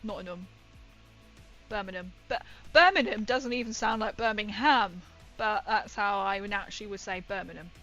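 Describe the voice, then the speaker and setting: A woman's voice: mid-range voice, steady tone, normal speed, a bit bright, dull audio. A woman with a northern English accent chatting playfully with her stream while painting, laughing often. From northern England. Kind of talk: casual livestream chat while painting. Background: faint music.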